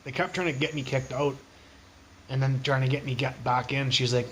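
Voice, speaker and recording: A man's voice: mid-range voice, fairly even intonation, moderate pace, fairly bright tone, a little hiss or hum, rough recording. A young man livestreaming from his phone, telling profane, rambling street stories in casual chat.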